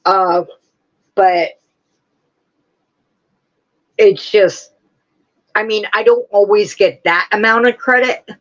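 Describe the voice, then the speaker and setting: A woman's voice: medium pitch, takes it slowly, long pauses, a bit bright, highs cut off. A woman hosting a casual home livestream, chatting to viewers and breaking off to scold her dogs. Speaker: crochet livestream host. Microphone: camera on a tripod.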